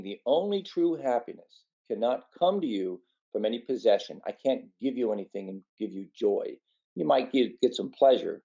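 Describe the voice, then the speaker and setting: Male speaker, earnest meditation talk, mellow dark voice, dull lo-fi recording. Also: on the low side, gravelly. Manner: earnest, conversational, tells a folksy story. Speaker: physician giving a meditation talk.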